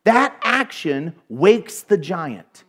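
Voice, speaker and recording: Man, high-pitched voice, sermon, animated storytelling, humorous asides. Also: drawn-out words. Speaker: preacher.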